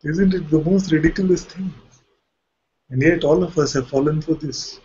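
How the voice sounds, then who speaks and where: A man's voice: on the high side, moderate pace, mellow, breathy edge, muffled recording. A man, a spiritual teacher, giving a playful, questioning satsang talk with light jokes.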